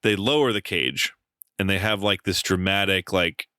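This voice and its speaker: A man co-hosting a podcast, telling an animated story in casual chat, swearing freely and using lots of fillers. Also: deep voice, moderate pace, clean tone, no room sound. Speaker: podcast co-host.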